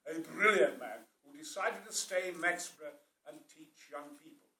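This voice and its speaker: Yorkshire man, theatrical storyteller, booming, bright forceful voice, distant mic. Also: normal speed. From South Yorkshire, England. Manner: booming, theatrical, swings from hush to roar. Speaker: actor. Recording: roomy sound from a distant mic.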